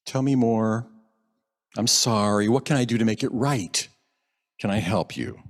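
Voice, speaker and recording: A man preaching a sermon at a church service, gentle and reflective, lingering over quoted phrases. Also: on the low side, a little slow. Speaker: minister. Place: church sanctuary.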